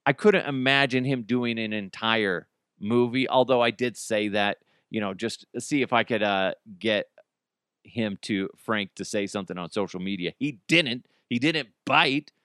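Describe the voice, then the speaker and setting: A man's voice: fairly low pitch, moderate pace, a bit bright, smooth, dry recording, clean studio sound. A man hosting a casual solo podcast, joking and self-deprecating, laughing often. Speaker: podcast host.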